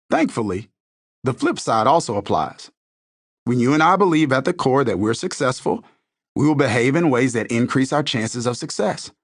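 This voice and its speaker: A man's voice: mid-range voice, no room sound, clean studio sound. A man reading an inspirational self-help book aloud in a scripted, earnest style, building his points through rhetorical questions. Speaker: audiobook narrator.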